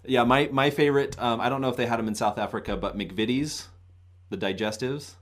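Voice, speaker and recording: Very low-voiced woman hosting a chat. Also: fairly quick, a little hiss or hum. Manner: laughs easily, asks questions. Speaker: host. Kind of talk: casual chat.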